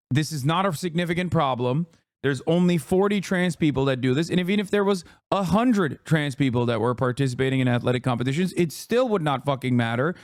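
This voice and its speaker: A man's voice: a little high, no echo, clean studio sound. A man streaming a heated political rant, profane, combative and mocking, in his thirties.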